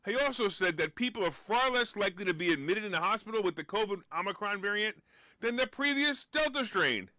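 A man from the United States hosting a live-streamed finance talk show, giving emphatic, sarcastic commentary that gets loud on his punchlines. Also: sits high, lively intonation, fairly quick, dry recording.

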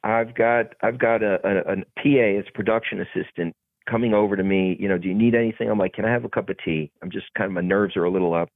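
Male actor guest, gravelly and husky, animated storyteller who acts out other voices, dry phone-like audio. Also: on the low side, fast, dry recording. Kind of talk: casual storytelling interview. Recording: tinny phone-like podcast audio.

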